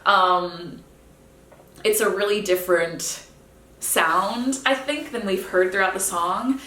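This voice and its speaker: A young woman songwriter talking casually and candidly about her own song, sometimes musing quietly. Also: mid-range voice, takes it slowly, slight background noise. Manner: chatty, candid, drifts into soft musing. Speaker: singer-songwriter. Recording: roomy, mic set at a distance.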